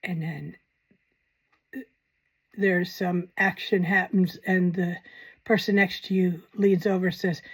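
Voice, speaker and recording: A woman's voice: lowish voice, level tone, slow, pauses often, husky. A woman hosting a paranormal channel, talking in a casual, rambling commentary with wry, self-mocking asides.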